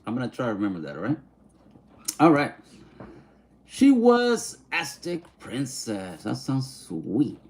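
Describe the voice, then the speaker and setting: A man's voice: mid-range voice, huge pitch swings. A man chatting casually on a livestream, reading viewer comments and mixing English and Spanish slang. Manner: easygoing, mixes English and Spanish slang, sounds out names slowly.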